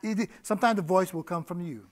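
A man's voice: high voice, brisk. A middle-aged man preaching a personal testimony, telling his story with laughter, repeated words and sudden bursts of energy. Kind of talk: testimony sermon.

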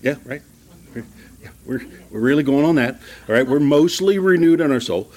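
A man leading an evening Bible study as pastor, reading scripture slowly and explaining it in a conversational way with small asides. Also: mid-range voice, lively intonation, darkish tone. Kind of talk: sermon, verse-by-verse Bible teaching. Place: church room with a group.

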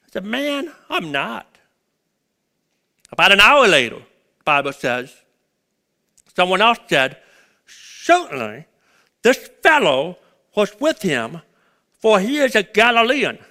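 A man preaching a sermon, swinging between loud urgent peaks and hushed low passages. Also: huge pitch swings, takes it slowly, long pauses. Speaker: pastor.

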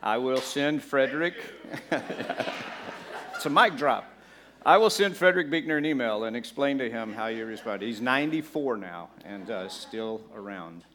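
A male preacher delivering a sermon in a mid-pitched voice. He talks easily with his congregation and jumps into animated impressions of churchgoers. His delivery swings between playful banter and quieter, earnest stretches. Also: a little hiss or hum. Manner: conversational with the congregation, laughs along. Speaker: pastor.

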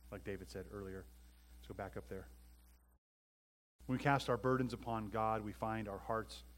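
A man preaching a sermon. He is emphatic and swings between loud, raised passages and quiet asides, and he asks the congregation questions. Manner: emphatic preaching that rises in pitch and volume, then drops to quiet asides. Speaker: pastor.

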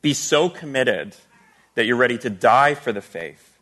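A man's voice: mid-range voice, animated, a little slow, fairly bright tone. A man preaching a sermon as a pastor, talking casually and asking the listeners rhetorical questions. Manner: conversational teaching with rhetorical questions.

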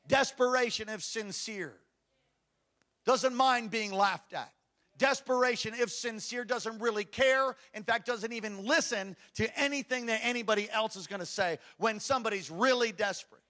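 A middle-aged man preaches a sermon, his voice set high and bright. He tells his story with fervor, dropping to hushed asides and rising to shouts. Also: moderate pace. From Hawaii. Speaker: pastor.

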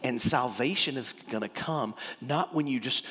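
A man from Texas, preaching an emphatic, animated sermon. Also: mid-range voice, moderate pace, slightly rough, in a large hall. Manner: animated, emphatic, acts out scripture dialogue. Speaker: pastor.

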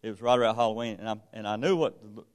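A man's voice: lowish voice, racing. Folksy man preaching. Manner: folksy, conversational, retells dialogue. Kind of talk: sermon storytelling.

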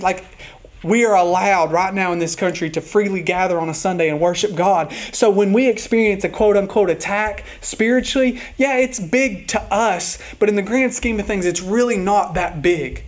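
A man preaching a sermon as pastor, speaking earnestly and openly about a hard week, at times reading hymn lines slowly and softly. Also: sits high.

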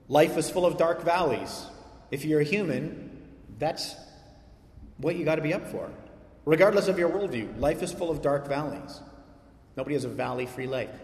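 Animated preacher man in a roomy hall. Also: fairly high pitch. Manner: animated, swings from loud emphasis to quiet asides. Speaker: pastor. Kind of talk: sermon.

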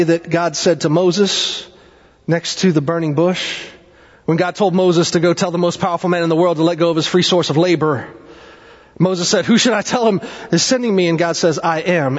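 A male pastor preaching a sermon, with dramatic swings in pitch and pace and chatty asides. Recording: dull sound with long hall reverb.

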